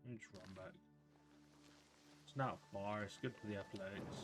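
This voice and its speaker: A man streaming a game live, quietly muttering a running commentary to himself. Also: on the low side, steady tone, moderate pace, faint music behind.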